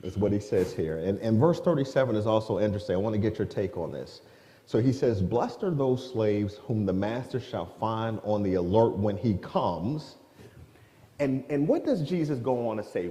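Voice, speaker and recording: A man's voice: fairly low pitch, dark tone. A man leading an interactive Bible class, asking the group questions and often restarting his phrases. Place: church classroom with long reverb. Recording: echoey church room.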